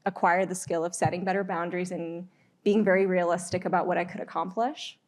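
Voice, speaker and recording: A woman attorney speaking candidly and in measured steps on an alumni panel, with frequent ums. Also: lowish voice, fairly even intonation, darkish tone. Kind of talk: reflective panel talk.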